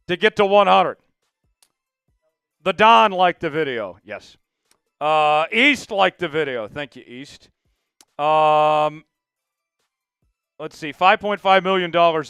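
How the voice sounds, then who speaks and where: A man's voice: on the high side, lively intonation, a little slow, vocal fry, long pauses, fairly bright tone, clean tone, no echo, faint music behind. Hyped man hosting a sports livestream. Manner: hyped, pleading with viewers, mock outrage. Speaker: livestream sports show host. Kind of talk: casual live-stream chat.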